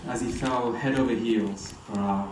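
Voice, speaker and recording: A man's voice: mid-range voice, fairly even intonation, normal speed. Young guy doing a jokey wedding speech, lots of teasing, far-off mic, echoey and noisy. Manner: playful, teasing storytelling. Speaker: wedding ceremony speaker. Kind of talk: humorous wedding story speech. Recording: echoey distant venue sound with ambient noise.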